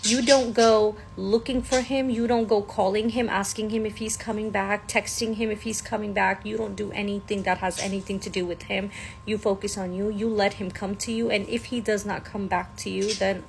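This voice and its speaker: A woman's voice: medium pitch, level tone, moderate pace, creaky, a little hiss or hum, low-quality recording. A woman giving instructive dating advice with repeated emphasis in a casual vlog.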